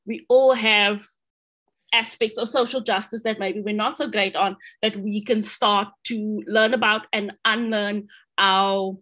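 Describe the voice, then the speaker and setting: With a mid-range, fairly bright voice and fairly even intonation, this South African woman speaks unhurriedly. She's an astronomer giving an online seminar talk in a South African accent from a home or office in Amsterdam, staying upbeat and friendly amid frequent ums and restarts.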